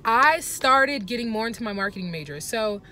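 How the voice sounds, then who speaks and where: A woman's voice: fairly high pitch, lively intonation, moderate pace, bright, forceful tone, a little hiss or hum. A young woman talking earnestly to the camera from her parked car, chatty and full of fillers, for a casual confessional vlog. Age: young adult. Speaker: vlogger.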